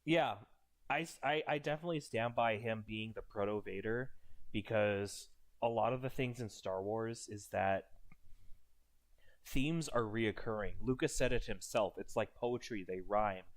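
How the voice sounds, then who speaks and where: A man's voice: on the low side, a little slow. A man streaming, chatting casually in reaction to a video and rambling as he thinks aloud. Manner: rambling, with fillers and restarts.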